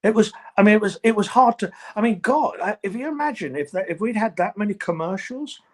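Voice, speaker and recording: A man who is a former racing driver, chatting casually as a podcast guest, animated and exasperated, often restarting his sentences. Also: high-pitched, brisk.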